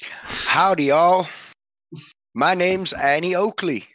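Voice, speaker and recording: A brash cowgirl gunslinger with a put-on hick drawl and a bright, forceful edge, voiced by a man. She sounds cocky and contemptuous, pitched well above a deep speaking voice. The delivery is close and dry. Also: takes it slowly, no room sound. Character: tough young woman gunslinger, contemptuous.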